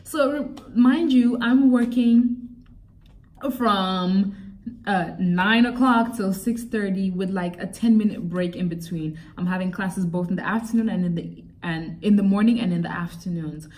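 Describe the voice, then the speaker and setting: Casting: young adult woman, casual exasperated storyteller, mid pitch, slightly distant mic. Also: a little slow. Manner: animated, exasperated, laughs often, acts out quotes. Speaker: vlogger.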